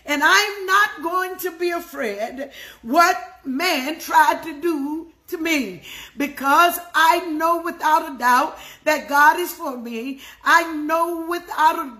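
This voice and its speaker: A woman's voice: high voice, takes it slowly, sharp tone. A woman preaching a fervent devotional sermon, drawing out key words and speaking to listeners by name, her voice catching with emotion at times.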